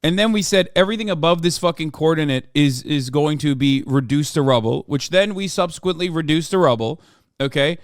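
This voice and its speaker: Brief: man in his thirties, streamer arguing with chat, fast profane rants, high clear voice, dry close sound. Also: expressive, no room sound. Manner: profane, ranting at chat, swings to yelling. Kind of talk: live stream reaction and chat rant.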